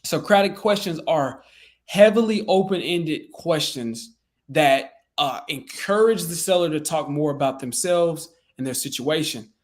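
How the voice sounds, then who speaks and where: A man's voice: a little high, animated, a little slow. A man coaching real estate sales in a loose, conversational way with frequent fillers and restarts. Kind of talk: casual teaching talk.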